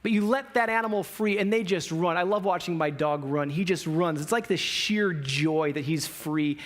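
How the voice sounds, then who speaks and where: A man's voice: on the high side, normal speed. A man pastor preaching a sermon in a conversational style, with emphatic rises when he speaks for God and the prophets. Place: church sanctuary.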